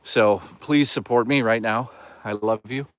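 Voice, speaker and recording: A man's voice: medium pitch, steady tone, unhurried, no echo. A man live-streaming from a woodland hike, rambling and swearing as he jokes and reads chat. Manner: rambling, profane, jokey. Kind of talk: casual live-stream chatter.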